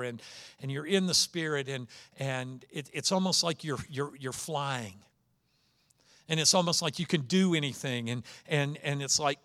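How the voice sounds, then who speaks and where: A man delivering a sermon as a pastor. He talks to the congregation in a conversational way, repeating words as he goes, and his voice sits a little high for a man. At key points he lifts it for emphasis. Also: fairly bright tone. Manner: conversational preaching, with restarts and rising emphasis.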